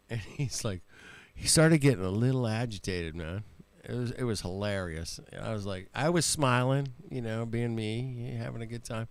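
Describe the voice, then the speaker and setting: A man's voice: fairly low pitch, a little slow, gravelly, smooth, no room sound. A man hosting a casual livestream chat, laid-back and laughing often, calling people man and bro and swearing freely. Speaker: livestream host.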